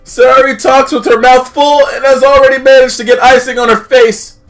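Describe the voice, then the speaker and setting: A man's voice: very high-pitched, level tone, normal speed, faint music behind. A man narrating a visual novel on stream, rambling with many "uh"s and crude jokes. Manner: rambling, filler-heavy, jokey, self-interrupting. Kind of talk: comedic game read-through.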